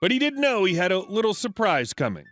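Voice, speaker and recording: A man reading online stories aloud as a scripted narration, in a lively storytelling manner. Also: high-pitched, a little fast, dry recording, faint music behind.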